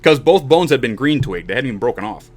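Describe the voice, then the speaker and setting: Animated storytelling man in his forties. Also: mid-range voice, fast talker. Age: 40s. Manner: animated storyteller who acts out quoted voices. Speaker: show host. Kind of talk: casual storytelling on a podcast.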